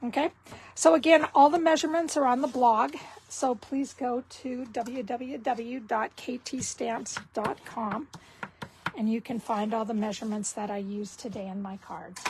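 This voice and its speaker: A woman giving a casual card-making tutorial, talking slowly and thinking aloud as she works. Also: fairly high pitch, steady tone, noisy background.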